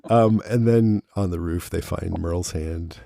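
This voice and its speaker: A man's voice: low voice, a little slow, gravelly, mellow, dry recording, clean studio sound. A man co-hosting a podcast in casual chat, recapping a TV episode and acting out quotes in raised voices. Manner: acts out quotes in raised voices, laughs often. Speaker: podcast co-host.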